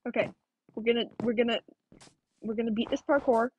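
A young woman giving chaotic, erratic gameplay commentary, jumping from mutters to sudden yells. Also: on the high side, steady tone, brisk, lo-fi sound, faint music behind. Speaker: gaming YouTuber.

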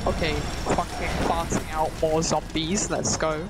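A nervous man streaming a horror game in a put-on American accent, rambling goofily and breaking into high shrieks. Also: little pitch movement, takes it slowly, very noisy. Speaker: gaming streamer. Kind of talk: casual let's-play commentary.

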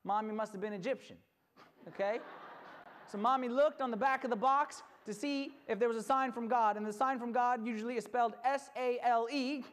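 Lively storytelling retreat preacher. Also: medium pitch, brisk, slight background noise. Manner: lively, animated storyteller who acts out the characters. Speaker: retreat speaker. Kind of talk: storytelling sermon.

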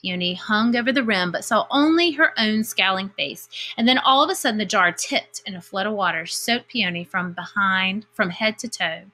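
Woman, teacher, storybook read-aloud, expressive, bright tone. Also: mid-range voice, normal speed, few pauses. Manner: expressive storybook reading with lively character voices. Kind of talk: reading a picture book aloud with commentary.

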